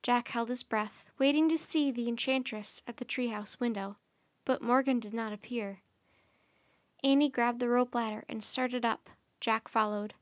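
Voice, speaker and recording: A woman with a high, light voice reads a children's chapter book aloud for storytime. Her delivery is gentle, friendly, and unhurried, captured in a dry, close recording with no room echo.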